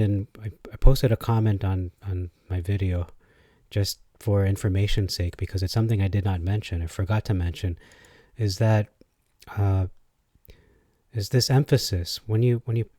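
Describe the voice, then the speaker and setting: A man's voice: lowish voice, moderate pace, mellow, no room sound, clean studio sound. A man explaining things in a casual spoken video. He thinks aloud and hesitates, and he tries out different pronunciations as he goes.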